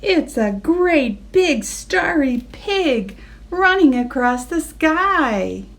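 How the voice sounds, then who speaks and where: A woman voicing an excitable young pig in a read-aloud storybook, squealing and eager. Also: high voice, drawn-out words, pitched above the performer's own voice, full character voice. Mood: excited. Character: excitable young pig who sees shapes in stars.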